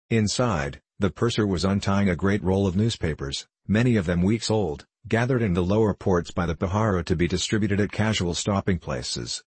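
A man reading a classic short story aloud in a measured, plain storytelling manner. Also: deep voice, a little mellow, breathy edge, no room sound. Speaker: audiobook narrator.

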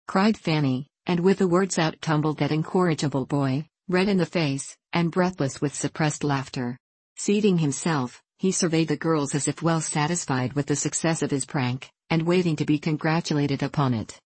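A woman narrating a classic novel in a measured, steady reading voice. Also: sits low, breathy edge, no echo. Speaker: audiobook narrator.

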